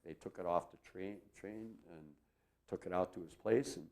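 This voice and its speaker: An older man in his eighties with a lowish voice recounts local memories. He wanders through his stories with many fillers and chuckles warmly at the funny parts. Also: moderate pace, gravelly. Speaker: interviewee. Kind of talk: reminiscing storytelling.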